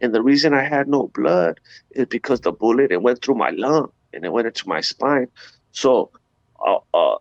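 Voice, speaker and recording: Gravelly man telling his story, lively pitch. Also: moderate pace, dry recording. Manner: animated storyteller, street slang, sound effects like "boom". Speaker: interview guest. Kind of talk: personal testimony in conversation. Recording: dull lo-fi dry sound.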